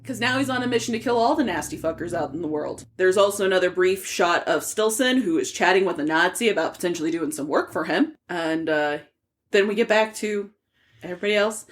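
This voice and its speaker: A young woman co-hosting a casual book podcast, recapping chapters in a chatty way with plenty of "like" fillers and casual swearing. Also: mid-range voice. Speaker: podcast co-host.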